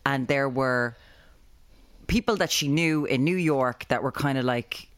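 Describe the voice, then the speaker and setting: A woman's voice: rumbling low, measured pace. An Irish woman co-hosting a podcast, chatting casually with dry teasing remarks. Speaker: podcast co-host. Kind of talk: casual chat.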